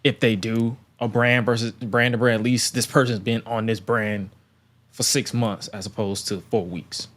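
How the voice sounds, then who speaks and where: A man's voice: fairly low pitch, little pitch movement, moderate pace, a bit bright. A man co-hosting a casual chat, rambling and stumbling over repeated words.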